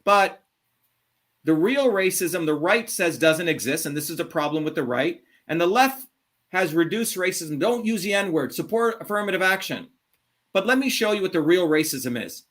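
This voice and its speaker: A man's voice: fairly high pitch, a bit bright. A middle-aged man hosting a call-in show, talking in a blunt, combative way, with swearing and heavy emphasis. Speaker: show host. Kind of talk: heated call-in monologue.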